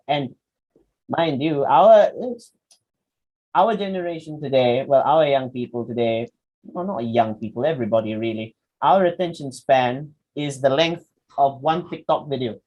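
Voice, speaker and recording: A man's voice: medium pitch, moderate pace, a little mellow, low-quality recording. A young man with a Malaysian accent teaching a public speaking workshop in a chatty, demonstrative way with frequent asides. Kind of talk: lecturing a workshop.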